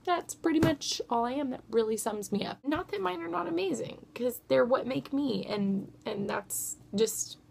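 Woman, 30s, casual vlog talk, gravelly fry, self-deprecating, soft whispers. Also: high-pitched, expressive, normal speed, few pauses, a little hiss or hum. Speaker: mother vlogger.

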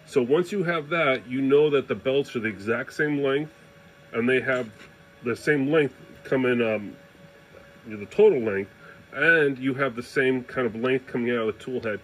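Guy walking you through a printer fix, loose and chatty, keeps saying right?, mid pitch, bit of faint noise behind. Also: poor audio. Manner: informal, loose phrasing, demonstrates while explaining, checks in with "right?". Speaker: 3D printing hobbyist demonstrating. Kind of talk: casual hands-on tutorial.

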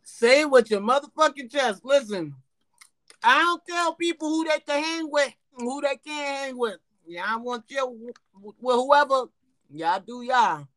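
A woman's voice: high-pitched, lively intonation, slow pace, no room sound. Brash woman hosting a live app room. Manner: loud, brash, swearing, talks straight to the audience. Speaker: host of a live app show. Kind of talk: casual live-stream hosting.

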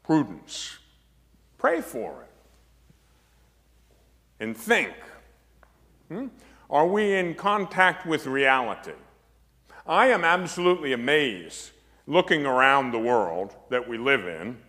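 A man's voice: mid-range voice, fairly bright tone. A man speaking as a priest giving a spiritual lecture, emphatic and anecdotal with dry humor. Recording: long hall reverb.

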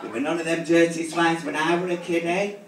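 A man with a fairly high, level voice talks briskly amid background noise as he performs bawdy drag stand-up. He teases audience members crudely and brashly on a large theatre stage, and the echoey, distant live recording picks up the audience's laughter.

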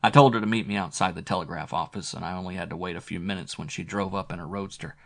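A man's voice: deep voice, steady tone, quick pace, creaky, a bit bright. A man narrating a first-person hardboiled crime novel in a terse, clipped way. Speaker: audiobook narrator.

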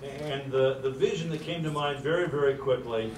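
A middle-aged man hosts a ceremony and tells a story, pausing often on "uh" in an easy manner. His voice sits in the middle range and sounds distant, with the echo of a large room around it. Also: mid-range voice, a little hiss or hum. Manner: many "uh" fillers, relaxed storytelling. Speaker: university president hosting a ceremony. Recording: roomy, distant from the mic.

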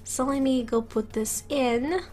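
High-voiced, giggly woman gaming. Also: a little slow. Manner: giggly and excitable, chatting to her game pets. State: a little sick. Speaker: let's play gamer. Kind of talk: casual game commentary.

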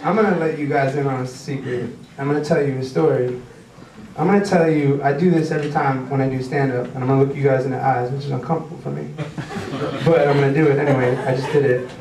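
A man's voice: medium pitch, steady tone, fast, a little mellow. A young man doing a rambling, self-deprecating stand-up routine with many stumbling restarts. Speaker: stand-up comedian. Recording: roomy club sound from far off, audience noise.

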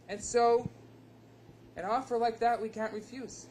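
A man's voice: very high-pitched, level tone, unhurried, pauses often, a little mellow, a little hiss or hum. Man telling a story in a lecture. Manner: dramatic storyteller, acts out dialogue. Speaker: rabbi.

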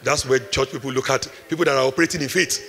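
A man with a Nigerian accent preaching a sermon, repeating his lines with force and building up to shouts. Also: medium pitch, steady tone, fast, vocal fry, a little hiss or hum. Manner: preaching with emphatic repetition, rising to shouts. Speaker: pastor. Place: large hall at a retreat. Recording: echoey hall, long reverb.

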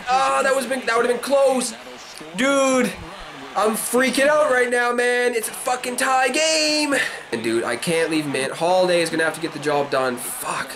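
A man giving live gameplay commentary, excitable, swearing and shouting at the game. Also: very high voice, normal speed, rough recording. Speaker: gaming commentator. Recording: game crowd noise behind. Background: stadium crowd from the game.

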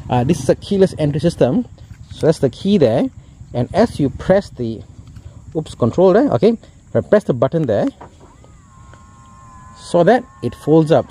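A man's voice: on the high side, dark tone, slight background noise. A middle-aged man with a Malaysian English accent, chatting enthusiastically through a car walkaround with lots of exclamations. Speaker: car reviewer.

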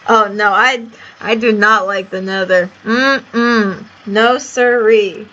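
A woman's voice: mid-range voice, steady tone, slow pace, bright, forceful tone, muffled recording. A woman playing a video game, chatting casually with a playful, teasing manner. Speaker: gamer. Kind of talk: casual gaming chat.

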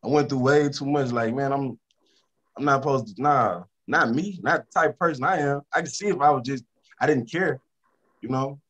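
A Louisiana rapper talking casually in an interview, repeating himself for emphasis and turning quieter when he talks about stress. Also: medium pitch, moderate pace, dull audio. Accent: Southern US, Louisiana. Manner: emphatic and repetitive, drops to a subdued tone about stress.

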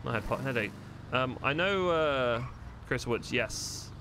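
A man's voice: medium pitch, expressive, a little slow, sharp tone, a little hiss or hum. A man streaming a roleplay game live from home, chatting to viewers in a loose, rambling way, swearing freely and thinking aloud as he plays.

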